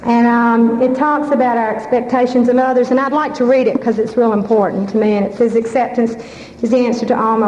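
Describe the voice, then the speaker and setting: A woman gives a halting, heartfelt personal testimony at a recovery fellowship meeting. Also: on the high side, fairly even intonation, a little mellow. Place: large meeting hall. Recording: echoey hall, muffled lo-fi sound, faint hiss.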